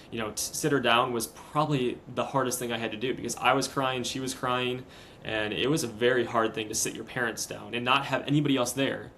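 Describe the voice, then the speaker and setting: A young man in his twenties, a podcast guest, recounting a hard personal story in a casual, earnest, halting way. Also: medium pitch, a bit bright, slight background noise, poor audio. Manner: earnest, halting, retelling step by step.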